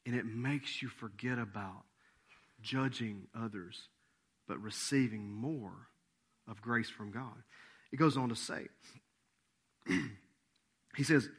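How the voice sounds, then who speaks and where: Husky and medium-pitched, this male preacher moves slowly through his sermon, leaving long pauses. His delivery is animated, shifting from quiet asides to booming, dramatized quotations.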